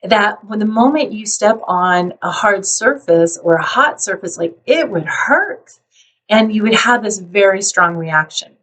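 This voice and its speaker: A woman speaks as a psychologist in a calm, explanatory way, at a middle pitch. Now and then she briefly acts out an anxious parent. Her voice sounds a little far from the microphone. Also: measured pace. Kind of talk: talking to camera about parenting.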